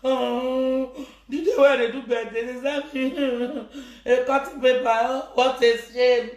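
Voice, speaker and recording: Nigerian lady ranting and joking on a live stream, playful chanting, kinda high, roomy echo. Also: unhurried, darkish tone. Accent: Nigerian Pidgin. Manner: teasing, sing-song, laughing. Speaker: social media host. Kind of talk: comic live-stream chatter.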